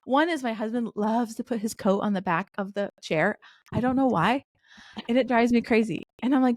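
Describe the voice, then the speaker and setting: A woman's voice: on the high side, steady tone, fairly quick, darkish tone, no room sound. A middle-aged woman as a podcast guest, telling candid stories full of quoted dialogue in a conversational way. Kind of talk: conversational interview storytelling.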